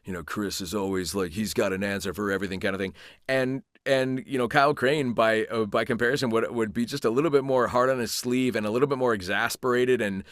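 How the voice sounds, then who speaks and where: A man who is a voice actor, chatting as an interview guest and telling animated stories with many restarts. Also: fairly low pitch, fast talker, no room sound, clean studio sound. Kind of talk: casual interview chat.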